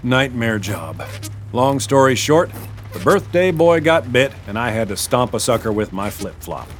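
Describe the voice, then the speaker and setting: A man's voice: medium pitch, sing-song, a little slow, soft background music. A man voicing a casual, joking exterminator talking on the phone. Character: easygoing male pest exterminator.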